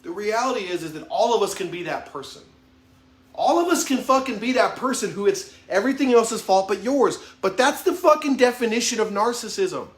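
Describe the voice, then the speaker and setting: A man's voice: sits high, lively intonation, brisk, reverberant. A man in his thirties giving an impassioned motivational monologue, swearing heavily in a raw, emphatic way. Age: 30s. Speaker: vlogger.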